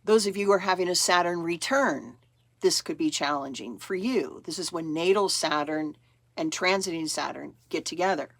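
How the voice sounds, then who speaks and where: A woman's voice: fairly low pitch, a bit bright, no echo. A woman astrologer talking casually to camera in a chatty, rambling way, acting out her own thoughts as she goes.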